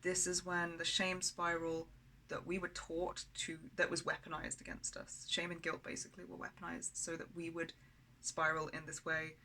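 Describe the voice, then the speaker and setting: A woman's voice: on the low side, completely flat delivery, moderate pace, pushed and bright, slight background noise, poor audio. A woman talking candidly in a personal video diary, blunt and rambling, with frequent swearing. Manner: rambling, with many fillers and restarts. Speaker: vlogger.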